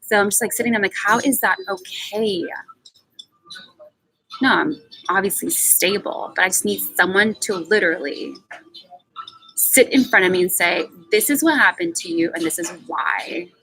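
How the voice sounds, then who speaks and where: A woman hosting a live session, talking off the cuff in an emphatic, profane venting style with sudden jumps in pitch. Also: moderate pace, bright, forceful tone, rough recording. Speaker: livestream host. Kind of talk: unscripted emotional monologue. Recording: music playing behind the voice.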